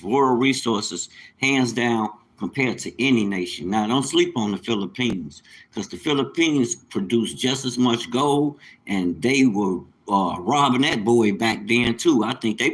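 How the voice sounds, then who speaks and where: A man's voice: mid-range voice, lively intonation, unhurried, rough recording. A man hosting a casual livestream, talking at length in a rambling, emphatic way that turns preachy at times. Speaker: livestream host, mobile mechanic.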